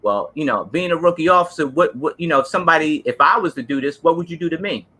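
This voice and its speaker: Bright-voiced New man, earnest storyteller. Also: a little high, expressive, fast. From New Jersey. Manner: earnest, emphatic, street-casual storytelling. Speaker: co-host, former police officer. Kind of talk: casual storytelling chat.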